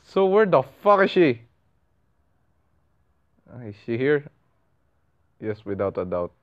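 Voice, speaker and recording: A young man commentating a horror game, reacting loudly with swearing and laughter. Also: medium pitch, sing-song, takes it slowly, dull audio. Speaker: gaming channel host.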